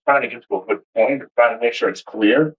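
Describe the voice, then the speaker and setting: A man ranting to camera in a passionate, energetic, heavily profane way, rambling and restarting as he makes his points. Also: mid-range voice, quick pace, phone-quality sound, slight background noise. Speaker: vlogger. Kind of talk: casual rant to camera.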